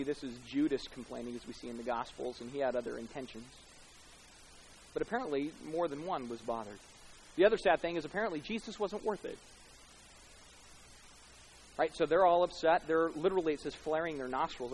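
A man preaching a sermon as pastor, swelling louder and slower on key points. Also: slight background noise, poor audio. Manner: rises in pitch and loudness for emphasis, slows on key words.

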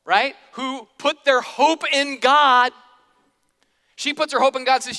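A man's voice: extremely high pitch, steady tone, measured pace, pushed and bright. A man preaching a sermon in a casual, joking way, slipping into quoted voices, in a church hall. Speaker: pastor. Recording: long hall reverb.

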